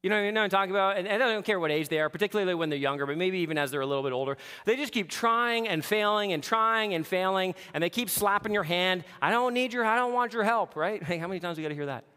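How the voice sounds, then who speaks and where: A man preaching a sermon, animated, moving between hushed and loud passages. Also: sits high, racing, few pauses, smooth, big-room sound. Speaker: pastor.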